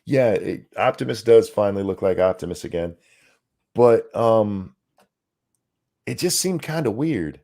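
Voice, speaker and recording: Man co-host, low voice with big swings, swears a lot while reading comments. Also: measured pace, gravelly, pauses often. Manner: animated, swears often, trips over words while reading chat comments aloud. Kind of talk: casual podcast chat.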